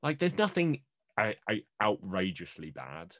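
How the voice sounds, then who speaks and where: A playful man with a low voice co-hosts a casual movie podcast. His pitch swings widely as he jokes and laughs along. The sound is dry and close. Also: wildly swooping pitch, a bit bright, no echo, highs cut off. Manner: joking, playful, quick to laugh. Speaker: podcast co-host.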